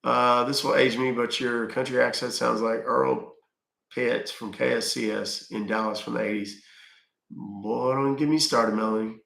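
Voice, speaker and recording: In reverberant audio, a man reads his livestream chat and casually answers viewer questions, sprinkling in easygoing fillers. His mid-range voice is steady and a little slow, with vocal fry and a fairly bright tone.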